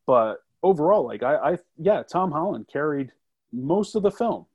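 A man's voice: fairly high pitch, very animated, normal speed, darkish tone, slightly rough, highs cut off. A man, a film critic guest, talking emphatically in a casual review chat. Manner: emphatic, with filler-heavy restarts.

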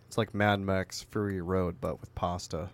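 A man's voice: deep voice, little pitch movement, normal speed, no room sound. A young man co-hosting a podcast, chatting bluntly with lots of swearing and reading news stories aloud. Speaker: podcast co-host. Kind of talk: casual chat.

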